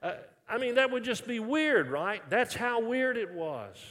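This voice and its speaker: A man from Texas, preaching a sermon in a lively, conversational way with frequent restarts, dropping soft when quoting scripture. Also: very high-pitched, unhurried. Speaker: pastor. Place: large church worship center. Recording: long reverb of a large hall.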